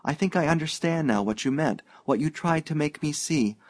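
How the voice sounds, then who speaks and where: A man's voice: fairly high pitch, moderate pace, no echo, pitched above the performer's own voice, natural voice. A shy and troubled young woman with a raised, lighter voice, hesitant and earnest, her words faltering, as a male audiobook reader plays her. The recording is dry and close. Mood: pleading. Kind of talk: audiobook reading.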